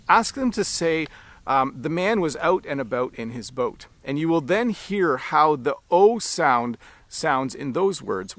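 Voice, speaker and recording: A Canadian man teaching English online, explaining clearly and at a measured pace for learners. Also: on the high side, a bit bright, no room sound.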